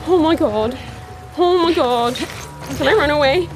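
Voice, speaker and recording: A woman's voice: high-pitched, animated, moderate pace, rough recording. A woman commentating on her own horror gameplay, panicky, swearing and exclaiming often. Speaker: gamer playing a horror game. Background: loud game music and sounds.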